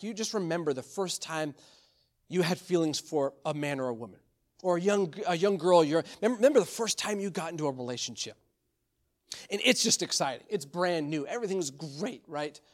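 A middle-aged man, a pastor, preaching a sermon with repeated, urging calls and frequent restarts. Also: high voice. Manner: repetitive, exhortative preaching with fillers and restarts.

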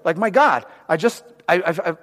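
Guy pastor preaching, kinda high voice, big echoey church hall, gets loud then drops to a hush. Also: animated, normal speed. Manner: storytelling, swings from loud urgent preaching to hushed prayer. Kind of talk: sermon.

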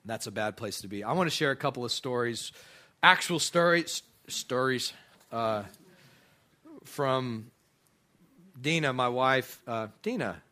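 A middle-aged pastor is telling a story from the pulpit, his voice bright and forward. He talks in an animated way, restarts often, and briefly acts out the other people in the story. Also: medium pitch, measured pace, pauses often. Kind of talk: sermon storytelling.

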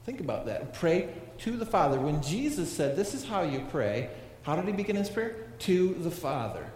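A man's voice: fairly high pitch, very animated, moderate pace, a little mellow. A man preaching a sermon in a conversational way, asking his congregation questions as he goes. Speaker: pastor. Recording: echoey hall with long reverb.

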